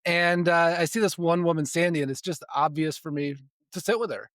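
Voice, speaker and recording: A man's voice: on the high side, steady tone, fairly quick, fairly bright tone, no echo, studio quality. A man in his forties telling personal stories as a podcast guest, in a casual way that often restarts and repeats words and breaks into chuckles. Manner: chuckles between sentences. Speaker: podcast guest, spiritual development coach. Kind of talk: casual storytelling in conversation.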